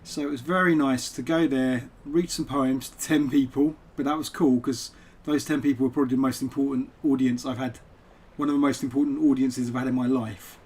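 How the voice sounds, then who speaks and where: A man at his home computer chatting loosely to a live-stream audience, mid-pitched and conversational. He wanders from topic to topic in an easygoing, rambling way, speaking into a desk microphone. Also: fairly even intonation, fairly quick, few pauses, darkish tone, husky. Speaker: poet and game streamer. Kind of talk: casual live-stream chat over gameplay.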